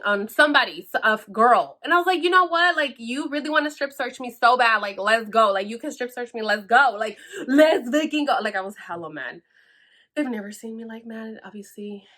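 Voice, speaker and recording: A woman telling a story in a casual, blunt and animated way, swearing freely and saying "like" a lot. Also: a little high. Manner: heavy use of "like". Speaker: podcast host.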